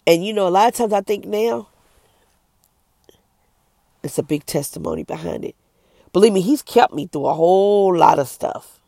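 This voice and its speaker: A middle-aged woman speaks to camera as an evangelist, earnest and emphatic in a preachy testimony. Her voice is gravelly with a rough edge. It is recorded dry and close, with no room sound. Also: lowish voice, expressive, moderate pace, pauses often, mellow, dry recording.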